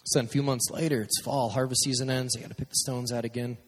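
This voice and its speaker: A man's voice: mid-range voice, little pitch movement, quick pace, husky. A man preaching a casual storytelling sermon as pastor, joking and acting out his own stories. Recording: long hall reverb.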